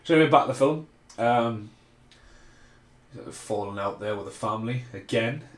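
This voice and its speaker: A man's voice: mid-range voice, normal speed. A man hosting a casual film commentary podcast, rambling and swearing freely as he rants. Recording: roomy echo.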